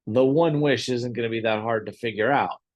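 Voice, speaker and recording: A man's voice: mid-range voice, normal speed, no room sound, lightly acted. A man voicing a self-serving king. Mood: pleased.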